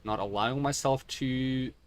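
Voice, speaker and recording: A man's voice: medium pitch, moderate pace. Guy streaming on a headset, stumbles and restarts words a lot, rambly. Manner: stuttering, self-correcting, rambling. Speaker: game streamer. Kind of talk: casual gaming stream talk.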